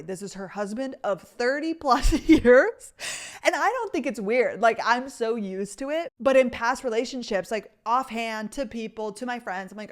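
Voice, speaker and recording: A woman's voice: on the high side, lively intonation, moderate pace. A woman in her twenties hosting a podcast, chatting through rambling stories and saying "like" constantly. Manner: chatty storytelling, heavy use of "like". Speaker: podcast host. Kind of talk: casual chat.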